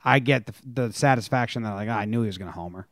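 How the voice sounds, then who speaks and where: A man's voice: on the low side, fast talker, a bit bright, no room sound, studio quality. A man co-hosting a casual sports podcast, laid-back and teasing. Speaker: podcast co-host.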